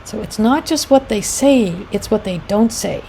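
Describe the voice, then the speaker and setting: A woman's voice: a little high, animated, normal speed, mellow, slight background noise, low-quality recording. A middle-aged woman giving a conversational educational talk about abuse, with frequent fillers, and she acts out quoted lines as she goes. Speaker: founder of a domestic abuse support group, presenter.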